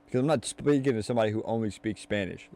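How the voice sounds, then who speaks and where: A man's voice: lowish voice, very fast, mellow. A young man hosting a podcast in casual chat, mashing his words together as he talks. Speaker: podcast host.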